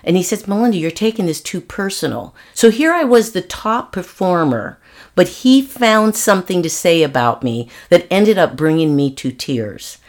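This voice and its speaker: A woman's voice: on the low side, expressive, unhurried, darkish tone. A middle-aged woman being interviewed, recounting her working life in an earnest, reflective way with frequent restarts. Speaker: interview guest. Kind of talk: candid personal storytelling.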